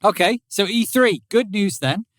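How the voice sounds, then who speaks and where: A man co-hosting a casual gaming podcast, chatty and quick to restart his sentences. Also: high voice, expressive, fairly bright tone, dry recording, studio quality. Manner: chatty, restarts and repeats words. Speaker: podcast co-host. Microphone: podcast microphone.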